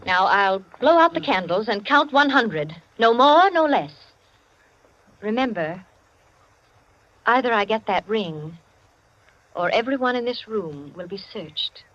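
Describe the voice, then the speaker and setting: An actress playing a wealthy hostess who gives firm, clipped commands in 1940s radio drama acting. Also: female voice, a little high, expressive, a little slow, long pauses, a bit bright. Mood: stern. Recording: muffled lo-fi old radio broadcast.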